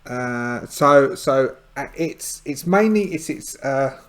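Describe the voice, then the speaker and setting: A man's voice: mid-range voice, lively intonation, slow. A man narrating a solo tabletop game, rambling and hesitant with many fillers and side remarks.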